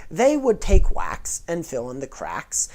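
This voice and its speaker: A woman's voice: low voice, wildly swooping pitch, unhurried, warm tone. A woman hosting a casual educational vlog, explaining things in a playful, nerdy way. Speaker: host.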